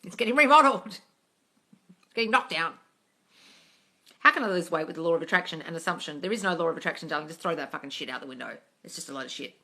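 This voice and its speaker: Bright-voiced woman swearing through a live Q&A. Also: low voice, racing, hardly any pauses. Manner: blunt, swears freely, calls viewers darling. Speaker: manifesting coach answering live questions. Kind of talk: casual live-stream Q&A reading comments.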